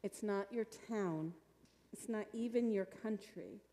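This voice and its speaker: A woman voicing a wise, gentle little mouse that explains things calmly and slowly. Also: medium pitch. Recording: long reverb of a church hall.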